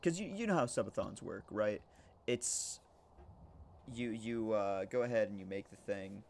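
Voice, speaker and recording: A man's voice: lowish voice, lively intonation, unhurried, creaky, darkish tone, a little hiss or hum. A man chatting casually to his viewers during a game stream, joking and swearing as he rambles. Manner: joking, profane, rambling, laughs often; talks to chat. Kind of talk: casual live-stream chat while gaming.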